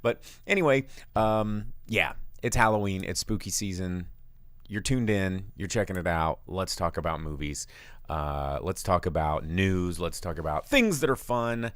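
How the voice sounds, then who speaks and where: A man co-hosting a casual live show, telling rambling, animated stories about his bar. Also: a little slow, dry recording. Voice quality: big booming voice when yelling. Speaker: podcast co-host and bar owner.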